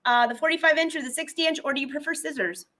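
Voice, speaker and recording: A woman with a very high, bright voice hosts a relaxed sewing chat. She asks curious follow-up questions about each tool. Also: rapid-fire. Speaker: sewing vlog host. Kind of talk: casual chat.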